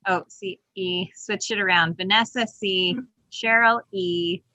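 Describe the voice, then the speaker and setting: Bright, dry-voiced woman chairing a meeting. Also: medium pitch, fairly even intonation, measured pace, no room sound, poor audio. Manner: explains procedures step by step. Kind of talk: casual meeting talk.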